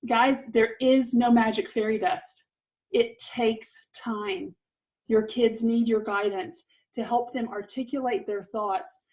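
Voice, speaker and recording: A woman's voice: on the high side, a little mellow, low-quality recording. A middle-aged woman giving an earnest, encouraging parenting lesson, with light laughs. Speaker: parenting course presenter.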